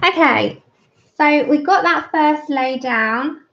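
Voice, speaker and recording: A woman's voice: high voice, slow pace, vocal fry, fairly bright tone. A woman giving a chatty, friendly drawing tutorial on a livestream. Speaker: art tutor. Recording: dull lo-fi livestream audio.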